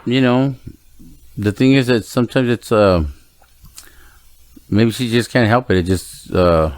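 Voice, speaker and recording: A man co-hosting a casual podcast chat, telling animated family stories and acting out voices. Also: medium pitch, a little slow, no echo. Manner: animated storyteller, mimics his daughter and parents. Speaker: podcast co-host.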